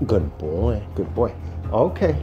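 Soft-spoken man training a dog. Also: lowish voice, sing-song, slow, dull audio, soft background music. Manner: soft, soothing praise with firm short commands. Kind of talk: casual training demonstration. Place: indoors at home.

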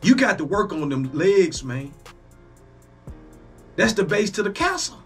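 A man hosting a reaction video, talking casually, excitable and profane, exclaiming often. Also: high-pitched, unhurried, faint music behind.

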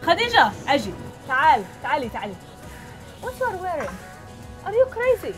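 A woman putting on the voice of an angry Arab mother scolding her daughter, yelling and mixing in Arabic words. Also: sits high, big pitch swings, racing, faint music behind, voice pushed up.

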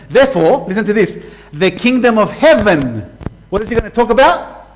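A man preaching a sermon passionately, swinging from loud outbursts to hushed lines and acting out voices. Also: high-pitched, sing-song, fairly quick, low-quality recording. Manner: acts out voices for illustration. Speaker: pastor.

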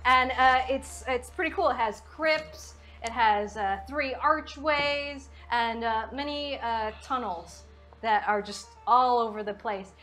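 A woman runs a tabletop game, narrating scenes at length with frequent fillers. Her voice is high and bright, with faint music in the background. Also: slow. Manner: descriptive, many fillers. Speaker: game master.

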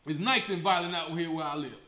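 A man from Chicago hosting his comedy show, talking in an animated, profane style and laughing often. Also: a little high, fast, reverberant. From Chicago, USA. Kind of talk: casual comedic monologue.

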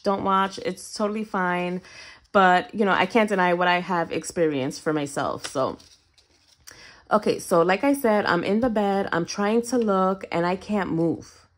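A young adult woman vlogger telling a personal story to her viewers in a casual, animated way, often addressing them as "you guys". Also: medium pitch. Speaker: budgeting vlogger.

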